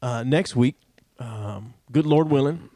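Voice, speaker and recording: A man co-hosting a podcast in casual chat, relaxed and quick to laugh, with a lot of ums and restarts. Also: mid-range voice, no room sound, studio quality. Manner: laid-back, easily amused, hesitant with many ums. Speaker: podcast co-host.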